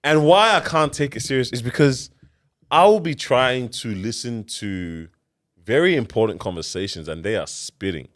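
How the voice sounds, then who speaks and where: A man co-hosting a podcast, talking in a casual, slangy, animated way. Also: medium pitch, moderate pace. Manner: animated, slangy, laughs often. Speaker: podcast co-host. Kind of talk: casual chat.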